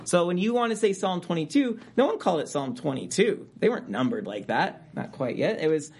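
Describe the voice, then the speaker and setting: A man's voice: fairly high pitch, sing-song, brisk, darkish tone, slightly rough. A man preaching a sermon as a pastor, reading scripture aloud and rising in emphasis on key words.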